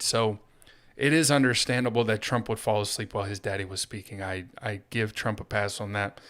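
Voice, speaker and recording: Guy ranting sarcastic about politics on his own show, mid-pitched, mocking tone. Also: a bit bright. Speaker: host. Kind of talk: political commentary monologue.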